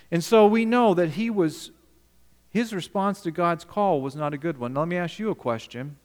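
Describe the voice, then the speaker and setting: A male pastor delivers a sermon in a notably high voice, emphatic and direct with his congregation. The sound carries the long echo of a large hall. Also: animated, normal speed. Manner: emphatic, questions the congregation, swings between loud and quiet.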